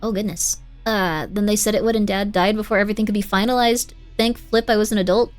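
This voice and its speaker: A woman's voice: mid-range voice, steady tone, fast talker, faint music behind. A young woman streaming a game, chatting casually and sympathetically with her chat. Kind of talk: casual gameplay commentary, reading chat.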